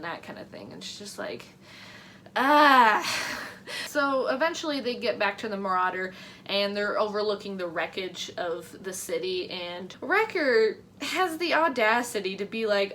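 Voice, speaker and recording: A woman's voice: medium pitch, normal speed, a bit bright, a little hiss or hum. A woman giving casual reaction commentary, ranting in exasperation with lots of swearing and mocking quoted lines. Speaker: reaction vlogger.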